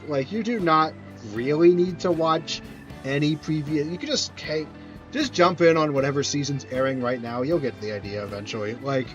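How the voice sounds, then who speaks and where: Male streamer, casual rambling chat, animated and slightly high, dull sound with faint music. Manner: rambling, self-correcting, answers chat questions.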